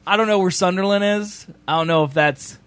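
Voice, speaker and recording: A man's voice: high voice, fairly quick, a bit bright, smooth, dry recording. An American man co-hosting a casual, rambling, joking chat. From United States.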